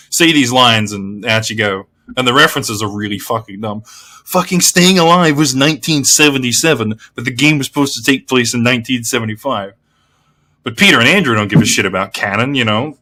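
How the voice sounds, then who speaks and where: A bright, sharp-voiced Australian man tears into a video game in an off-the-cuff rant. He swears constantly and loses his thread, then picks it up again. His pitch stays mid-range for a man. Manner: heavy swearing, blunt and exasperated; rambling with frequent restarts. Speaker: gaming video creator. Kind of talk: casual game review rant.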